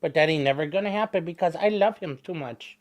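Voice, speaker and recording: An attorney hosts a casual livestream from home, speaking fast in a fairly high-pitched male voice. He rambles and chats, breaking off now and then to coo at his pets.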